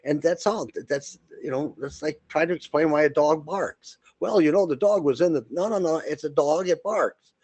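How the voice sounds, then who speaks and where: A man's voice: fairly high pitch, moderate pace, hardly any pauses, a little mellow, no room sound. A man co-hosting a podcast, talking in a blunt, rambling way with frequent restarts and fillers. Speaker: podcast co-host. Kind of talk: casual monologue.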